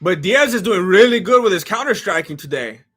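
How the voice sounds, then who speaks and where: Male live-stream fight host, high and bright, excitable and rambling. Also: brisk, husky. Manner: excitable, rambling, many restarts, bursts of shouting. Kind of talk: casual live commentary.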